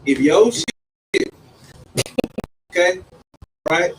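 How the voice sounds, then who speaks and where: A man co-hosting a radio show like a hype man, emphatic and drawn-out in delivery. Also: sits high, noisy background. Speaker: radio co-host. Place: radio studio.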